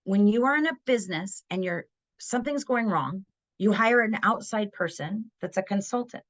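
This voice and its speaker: Speaking at normal speed with lively intonation, this middle-aged woman leads a parenting webinar, sincere and chatty, often asking "right?" to check in. Her voice sits at medium pitch.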